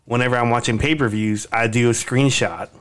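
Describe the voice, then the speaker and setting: A man's voice: medium pitch, fairly even intonation, fairly quick, smooth. A man co-hosting a podcast in casual chat, telling stories in a hesitant, rambling way. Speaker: podcast co-host.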